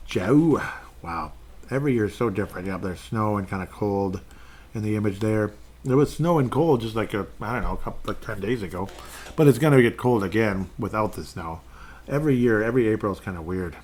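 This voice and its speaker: Male podcast host, lower register, loose and chatty, reads fan comments on air. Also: darkish tone. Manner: rambling, chatty, reads fan posts aloud. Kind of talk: casual solo sports podcast.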